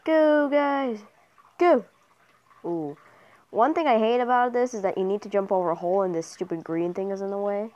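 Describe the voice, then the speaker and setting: A woman's voice: mid-range voice, quick pace, few pauses, a little mellow, lo-fi sound. A young woman commentating her mobile game casually, cheering and trash-talking other players. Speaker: gamer commentator.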